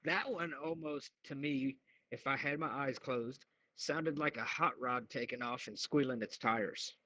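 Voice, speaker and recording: A man co-hosting a call-in radio chat, talking in a plain, matter-of-fact way at a medium pitch. The audio is dry and close, with no room sound. It is also dull and lo-fi, like a walkie-talkie app. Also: measured pace, pushed and bright, no room sound. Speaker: co-host. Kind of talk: radio chat show banter.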